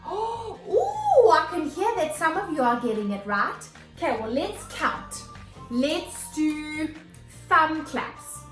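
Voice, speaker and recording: Woman, teacher, high lively voice, unhurried, echoey room, faint music behind. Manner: animated, gasps and exclaims for young children. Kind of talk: children's morning lesson.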